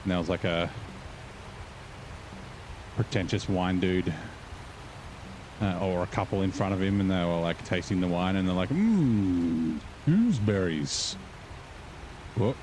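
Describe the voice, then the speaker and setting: Low-voiced man rambling over gameplay. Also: level tone, normal speed, pauses often, noisy background. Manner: rambling, chatty, swears casually. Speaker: gaming channel host. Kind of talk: casual gameplay commentary.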